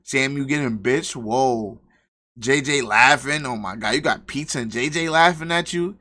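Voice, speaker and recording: Bright-voiced young man streaming. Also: medium pitch, moderate pace. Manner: slangy, profane, excitable outbursts. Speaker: livestream host. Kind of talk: live reaction commentary.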